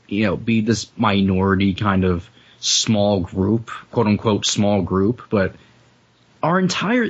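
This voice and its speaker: A young man talks with a husky voice and a lively, swinging pitch. He rants heatedly in casual chat and swears freely. The recording sounds muffled and lo-fi. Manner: heated, profane, ranting.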